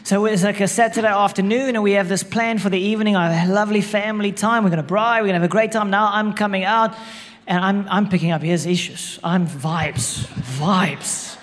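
A man's voice: sits high, fairly even intonation, fairly quick, fairly bright tone. A man telling a humorous, self-mocking story about his marriage to an audience. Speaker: speaker sharing a marriage story. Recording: echoey hall.

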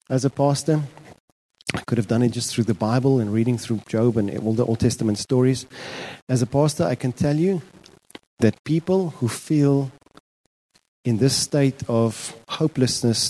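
Mellow-voiced male pastor, chatty animated preacher, mid-pitched. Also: poor audio. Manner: animated, conversational preaching with dramatized prayers. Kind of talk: sermon.

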